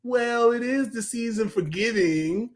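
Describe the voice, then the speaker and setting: A man's voice: very high voice, pitched above the performer's own voice. A man doing a whiny, hyper cartoon boy. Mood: rattling. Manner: rapid, whiny shouting. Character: hyper, dim-witted cartoon boy, loud and silly.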